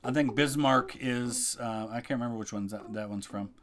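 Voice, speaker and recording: A middle-aged man chatting casually as a history video host, relaxed and thinking aloud with frequent ums. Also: mid-range voice, normal speed, a crowd in the background. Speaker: history YouTuber, guest co-host. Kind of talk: casual ranking chat.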